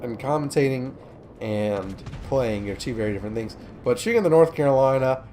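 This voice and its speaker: A man's voice: medium pitch, brisk, warm tone, a little hiss or hum. A man casually commentating a warship game replay, joking and chatty with many fillers, sleepy from recording in the morning. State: sleepy, yawning. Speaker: gameplay commentator.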